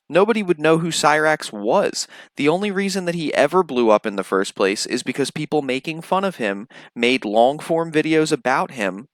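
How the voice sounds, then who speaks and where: A man's voice: a little high, fairly bright tone, no room sound. A man narrating a commentary video in a mocking, sarcastic way. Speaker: commentary channel host. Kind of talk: commentary voice-over.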